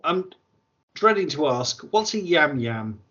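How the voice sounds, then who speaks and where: A man's voice: on the high side, very animated, measured pace, sharp tone, dull audio. A man hosting a podcast, steering the chat with dry, teasing questions. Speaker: podcast host. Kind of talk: casual chat.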